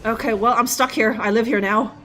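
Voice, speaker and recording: A woman's voice: on the high side, steady tone, a little fast, fairly bright tone, soft background music. A young woman streaming a game live, joking and rambling with lots of fillers. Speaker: livestream gamer. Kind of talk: casual live gameplay commentary.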